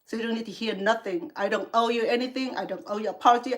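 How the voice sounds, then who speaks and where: A woman's voice: on the high side, fast talker. A woman from Cambodia, an English learner, hosting a cooking livestream and angrily scolding a rude viewer with heated sarcasm. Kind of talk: angry livestream rant at a viewer.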